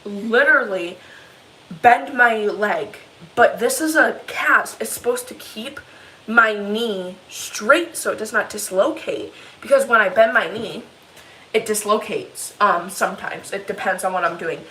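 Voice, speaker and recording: A teenage girl telling a long, rambling story in a casual vlog, upset and animated as she retells it. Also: mid-range voice, unhurried, poor audio. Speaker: vlogger.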